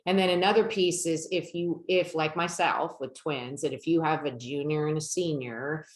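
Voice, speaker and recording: A woman's voice: low voice, steady tone, moderate pace, roomy sound. A woman presenting a webinar on college financial aid. She explains in a conversational way and keeps checking in with her listeners by asking "right?".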